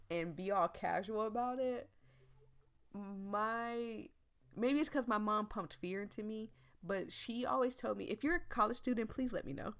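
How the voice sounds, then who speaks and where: A young American woman chats casually while playing a story game, reading its text aloud, rambling, laughing often and losing her voice. Her voice has a medium pitch and a fairly bright tone, and she speaks at normal speed.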